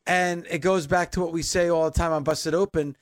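Male podcast host, high pitch, earnest polished outro reads, dry studio sound. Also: steady tone, brisk, no room sound. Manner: earnest, polished, thanking and wrapping up. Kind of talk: hosting and outro read.

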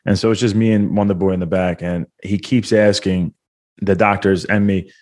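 A male podcast host speaks with a fairly low voice. He chats casually with his guest and tells stories animatedly, laughing often as he goes. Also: fairly even intonation, moderate pace, darkish tone.

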